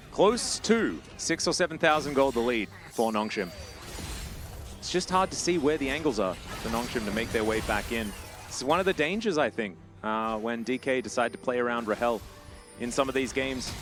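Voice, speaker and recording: A male esports caster calls a match alone with a lively, swinging delivery that climbs loud and high on the big plays. Between fights he chats straight to the viewers. Game music plays clearly underneath. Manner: chatty, talks straight to chat viewers. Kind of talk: live play-by-play commentary.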